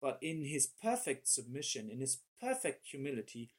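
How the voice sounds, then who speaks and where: A man preaching a sermon in an animated way, often repeating words as he searches for the right phrase. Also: medium pitch, moderate pace, slightly rough.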